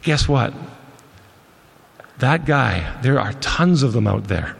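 A man's voice: mid-range voice, animated, slow, vocal fry, pauses often, slightly rough. A man from Montreal, a ministry leader, telling stories in a folksy sermon talk. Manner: folksy anecdotal storyteller. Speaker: ministry leader and guest speaker. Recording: long reverb of a large hall.

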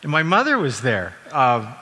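A middle-aged man from Canada preaching a sermon in a relaxed, conversational way, with frequent fillers and self-corrections. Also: medium pitch, moderate pace. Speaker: university president and former minister. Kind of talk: sermon with personal anecdotes. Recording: long reverb from a large hall.

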